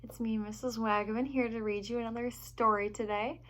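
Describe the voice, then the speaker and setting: A woman's voice: fairly high pitch, fairly quick. Cheerful woman reading aloud to young children. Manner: gentle and expressive, talking to young children. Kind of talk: storybook read-aloud for children.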